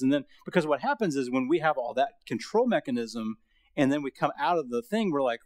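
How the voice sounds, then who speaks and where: A man's voice: mid-range voice, animated, fairly quick. A middle-aged man giving a Bible lecture to a college audience, talking in a casual, storytelling way with many fillers. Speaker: guest lecturer.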